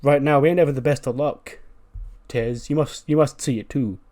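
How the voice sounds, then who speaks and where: A fed-up male tag wrestler, weary and complaining in slang, as a man puts him on in his own mid-pitched voice. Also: fairly even intonation, normal speed, mellow, close to an everyday voice.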